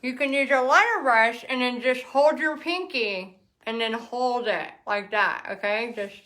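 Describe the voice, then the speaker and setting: A woman hosting a live step-by-step painting lesson, chatty and quick to laugh as she reads out viewer comments. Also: on the high side, pushed and bright. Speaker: painting instructor and host.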